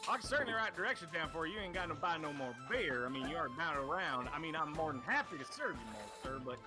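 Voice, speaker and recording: Crude, rambling tavern barkeep who swears freely, played by a man, slightly high voice, music under it. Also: animated, fast talker, close to an everyday voice. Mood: gruff. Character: folksy crude male barkeep, gruff and talkative.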